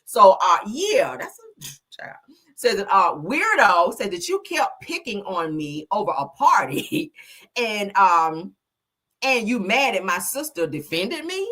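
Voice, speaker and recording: A woman's voice: medium pitch, unhurried. A woman hosting a casual gossip commentary, reading posts aloud with sassy asides. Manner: sassy, animated, drops asides like "child" and "girl". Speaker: commentary channel host. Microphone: streaming desk mic.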